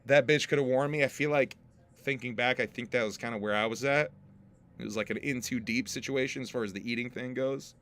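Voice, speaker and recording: A man's voice: mid-range voice, brisk, fairly bright tone. A man hosting a casual livestream podcast, joking with his chat, laughing often and swearing freely. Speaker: podcast host and rapper.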